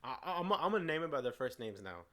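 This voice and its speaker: A man's voice: mid-range voice, sing-song, quick pace, sharp tone. A man co-hosting a casual movie review, eagerly retelling scenes and stumbling over his words. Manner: frequent restarts and stumbles. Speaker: co-host of a movie review show.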